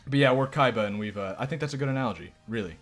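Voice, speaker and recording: A man's voice: medium pitch, rapid-fire, a bit bright, soft background music. A man streaming live gameplay, commenting casually in a joking, profane, self-mocking way. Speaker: game streamer.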